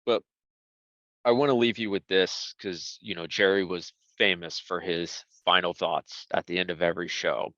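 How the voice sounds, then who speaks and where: A man's voice: low voice, steady tone, moderate pace, bright, forceful tone, no echo. A man interviewing a guest, asking conversational, leading questions. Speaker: entertainment news interviewer. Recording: dry, slightly dull sound.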